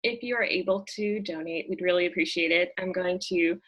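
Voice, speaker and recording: A woman's voice: lowish voice, brisk, fairly bright tone. A woman hosting an online children's story time on a video call, talking casually and upbeat to kids and parents. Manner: friendly, upbeat, with "um" fillers.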